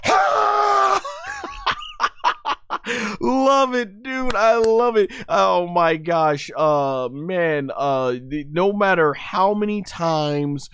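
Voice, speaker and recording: A man giving an excited, enthusiastic breakdown of an anime fight, sometimes acting out the characters' shouts. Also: high-pitched, slow pace, few pauses, smooth, no room sound. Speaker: anime commentary host.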